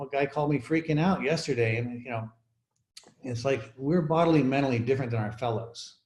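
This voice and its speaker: A man's voice: medium pitch, darkish tone. Reflective man, echoey call audio. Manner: halting, reflective, many "you know" fillers. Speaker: recovery meeting speaker. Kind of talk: personal sharing at an online recovery meeting.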